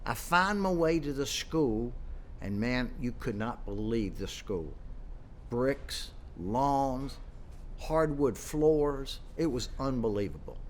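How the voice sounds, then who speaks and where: Animated man telling his life story. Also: medium pitch, slow, slight background noise. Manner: animated storyteller acting out quoted dialogue. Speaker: entrepreneur. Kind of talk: personal storytelling to camera.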